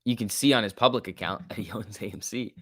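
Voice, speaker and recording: A man's voice: lowish voice, fast, a bit bright, dry recording, studio quality. A man casually commenting on a livestream and reading out chat, laid-back and chatty, laughing often. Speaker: stock market livestream host.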